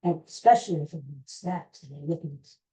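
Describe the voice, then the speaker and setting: A woman hosting a podcast, chatting casually in an excitable, rambling way. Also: sits low, a little fast, poor audio. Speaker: podcast host. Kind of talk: casual rambling chat to camera.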